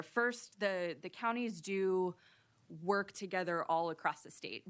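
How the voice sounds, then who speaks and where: A woman testifies at a legislative hearing and explains policy in a measured way. Her voice is low and gravelly, with a fry at the ends of phrases. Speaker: sunset commission staff witness.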